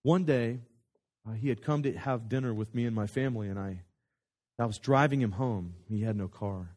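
A man telling a story in a sermon as a pastor, animated and conversational, often restarting his sentences. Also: lowish voice, normal speed.

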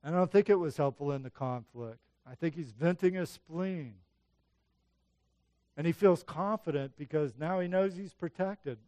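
A man with a fairly high, smooth and resonant voice preaching a sermon. He teaches in a relaxed, conversational way and acts out the passages he quotes. The sound is dry and close, with no room echo. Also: moderate pace. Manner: conversational Bible teaching, dramatizing quoted lines. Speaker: pastor.

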